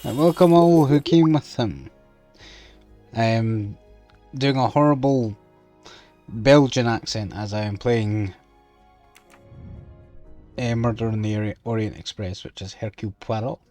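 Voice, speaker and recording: A man's voice: medium pitch, unhurried, pauses often, warm tone, faint music behind. A man chatting casually with his viewers during a live game stream.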